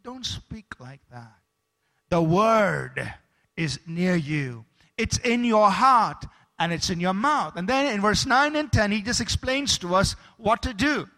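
A man's voice: high-pitched, lively intonation, unhurried, bright, forceful tone. A man preaching a sermon as pastor, emphatic, stopping to ask the congregation for amens.

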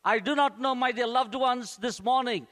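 A man's voice: very high voice, moderate pace, a bit bright. A man preaching a sermon as a pastor, earnest and repeating phrases for emphasis.

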